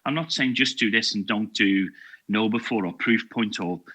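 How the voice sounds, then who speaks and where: Liverpool man, low bright voice, eager podcast guest who stumbles and restarts a lot. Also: moderate pace. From England. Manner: enthusiastic, stumbling restarts and repeated words. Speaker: podcast guest, security awareness video maker. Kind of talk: casual podcast conversation.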